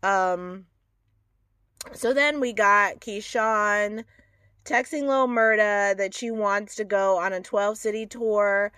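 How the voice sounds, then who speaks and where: A woman's voice: medium pitch, fairly even intonation, slow, a bit bright, clear, resonant tone, no echo, studio quality. A woman from the American South hosting a podcast, giving candid, profane, opinionated commentary on a TV series and laughing often. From Southern United States. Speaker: podcast host reviewing a TV series. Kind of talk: casual solo podcast commentary.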